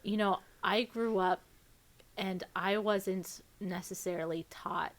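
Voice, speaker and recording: A woman's voice: medium pitch, fairly even intonation, takes it slowly. A woman from Pennsylvania, a podcast guest, talking openly and emotionally in a casual interview, swearing freely and filling her speech with "like". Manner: open and emotional, swears freely, many fillers. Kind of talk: candid conversational interview.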